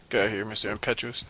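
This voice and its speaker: A man's voice: lowish voice, bright, forceful tone, a little hiss or hum. A man giving casual, sarcastic let's play commentary, loosely paraphrasing the game's dialogue with lots of swearing. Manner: tired and cranky.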